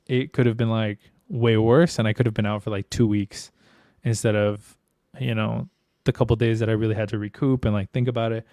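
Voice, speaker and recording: A man talks openly on a podcast, loose and slangy with plenty of swearing. His voice is smooth and clear at a middling pitch, recorded dry and close. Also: level tone, normal speed, a little mellow, no room sound. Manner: candid, swears freely, slangy. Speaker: podcast co-host. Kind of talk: casual podcast chat.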